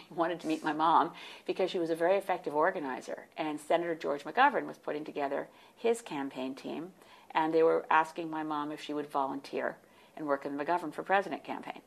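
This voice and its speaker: A woman in her sixties telling stories as a guest in an interview, animated and warm, with laughs. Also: low voice, vocal fry. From United States. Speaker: guest, party leader. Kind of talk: storytelling in interview.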